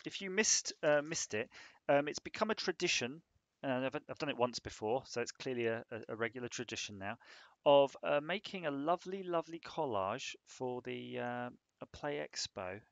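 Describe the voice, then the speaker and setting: A man's voice: medium pitch, expressive, normal speed, vocal fry, dry recording. A man on a casual live stream, rambling and joking while he thinks aloud about a hardware design.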